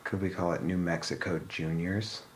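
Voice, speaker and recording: A man co-hosting a podcast in casual chat, laid-back, agreeable and quick with jokes. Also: low-pitched, fairly even intonation. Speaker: podcast co-host.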